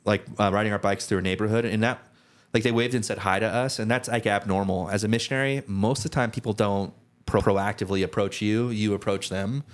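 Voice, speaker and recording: A man's voice: on the low side, fairly even intonation, fairly quick. A young man co-hosting a podcast, telling rambling stories in casual chat with lots of fillers. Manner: rambling, many restarts and "like" fillers. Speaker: podcast co-host.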